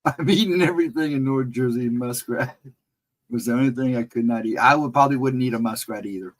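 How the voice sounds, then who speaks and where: A man's voice: mid-range voice, quick pace, rough recording. A man hosting a casual livestream chat, telling loose, rambling anecdotes and chuckling often as he talks to viewers. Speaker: livestream host chatting with viewers.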